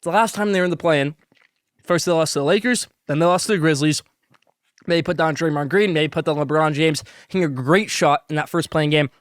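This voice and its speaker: A man hosting a sports podcast, pitching a sponsor and giving basketball hot takes between bites of food, talking with food in his mouth at times. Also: a little fast, smooth, dry recording. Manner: hyped, salesy, talks with food in mouth. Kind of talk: sponsored hot-takes segment while eating.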